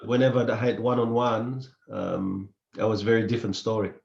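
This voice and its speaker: Man, halting casual podcast talk, echoey room. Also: lowish voice, little pitch movement, gravelly, a little mellow. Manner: halting, repeats words and fills pauses. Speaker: podcast host. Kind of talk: casual chat. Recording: echoey room, dull lo-fi sound.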